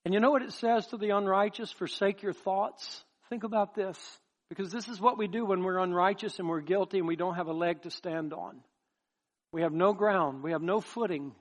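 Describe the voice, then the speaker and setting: A man preaching a sermon as pastor, impassioned and emphatic, turning soft and pleading at times. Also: sits high, moderate pace.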